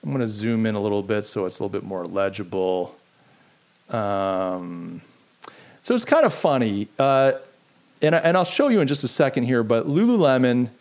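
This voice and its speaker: With a medium-pitched, darkish voice, a middle-aged man rambles through his live-streamed podcast, joking at his own expense as he responds to the live chat.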